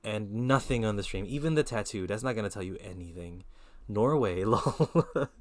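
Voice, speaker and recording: Laid-back young man streaming, low voice. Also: normal speed. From Philippines. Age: 20s. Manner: laid-back, slangy, chatty. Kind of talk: casual live-stream chat. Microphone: headset.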